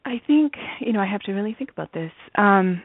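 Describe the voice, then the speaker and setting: A woman's voice: mid-range voice, animated, a little fast, no echo. A woman speaking as a guest in an interview over a video call, earnest and sprinkling in "you know". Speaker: interview guest, spiritual student. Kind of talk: conversational interview. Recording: dry, tinny phone-like line.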